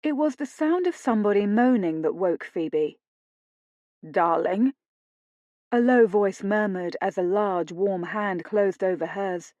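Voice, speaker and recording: A woman narrating an audiobook romance in a slow, deliberate reading. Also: mid-range voice, warm tone, no room sound, highs cut off.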